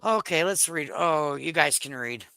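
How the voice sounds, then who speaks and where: Lady streaming from her kitchen on a headset, bright voice that jumps all over, dry sound. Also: low-pitched, animated, normal speed, no echo, poor audio. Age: middle-aged. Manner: chatty, laughs often, Southern slang. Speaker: live-stream commentator. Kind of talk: casual live-stream chat. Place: home kitchen. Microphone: headset microphone.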